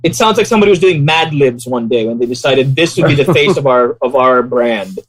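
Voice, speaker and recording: A podcast co-host chatting casually and tossing in quick joking asides. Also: medium pitch, animated, low-quality recording.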